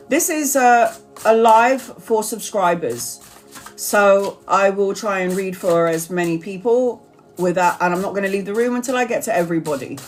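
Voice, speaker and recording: A woman giving tarot readings on a live stream, talking earnestly and apologizing often, repeating herself as she reassures viewers. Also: medium pitch. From Brazil. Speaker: tarot reader.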